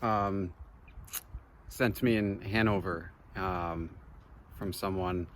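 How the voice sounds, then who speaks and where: In a casual trail vlog, a long-distance hiker speaks slowly in a deep, fairly even voice to his handheld camera on a mountain trail. He's easygoing and rambles while thinking aloud, with a little hiss or hum in the audio.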